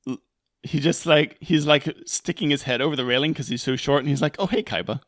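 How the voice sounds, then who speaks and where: A man's voice: on the high side, steady tone, a little fast, a bit bright, dry recording, studio quality. A man co-hosting a podcast, chatting and chiming in casually. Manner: chatty, interjecting, laughing. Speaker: podcast co-host. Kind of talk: casual recap chat.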